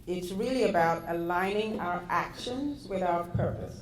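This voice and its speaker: Slow, measured British woman speaking in a hall. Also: fairly low pitch. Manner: measured and deliberate. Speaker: guest speaker. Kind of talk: motivational talk. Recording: echoey hall with faint background noise.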